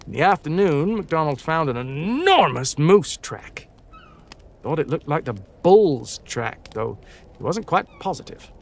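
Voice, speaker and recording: A man's voice: fairly high pitch, very animated, measured pace, vocal fry. Man reading old stories aloud on a stream. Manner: stumbling over words, breaks off for joking asides; casual, swears now and then.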